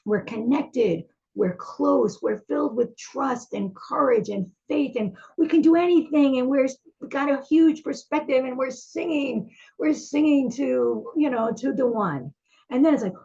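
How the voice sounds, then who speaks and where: A woman's voice: high-pitched, measured pace, a little mellow, dull audio. A woman teaching a class, talking in a heartfelt, searching way with many fillers and restarts.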